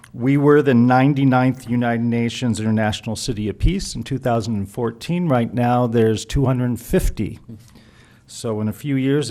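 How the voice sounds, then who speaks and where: A man announcing a community event to a city council in a formal, steady way, with frequent filler sounds, at a podium microphone. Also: mid-range voice. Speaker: community event organizer giving public comment. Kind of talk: prepared announcement at a council meeting.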